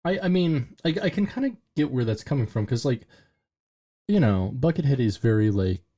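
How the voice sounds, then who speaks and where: A man's voice: mid-range voice, lively intonation, normal speed, mellow. A man co-hosting a podcast in casual chat, talking in a loose, filler-heavy way and joking crudely. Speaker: podcast co-host.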